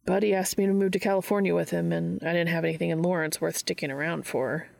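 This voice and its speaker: A woman's voice: on the low side, steady tone, fast talker, gravelly, darkish tone. A woman voicing a guarded young man who jokes and teases, in a storybook reading. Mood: wistful. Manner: sarcastic, teasing. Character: wry young adult man, guarded and joking.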